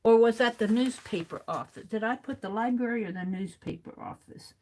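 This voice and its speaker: A woman's voice: fairly high pitch, a little fast, darkish tone. A woman hosting a livestream, reading viewers' comments aloud and chatting casually while she writes. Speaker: livestream host.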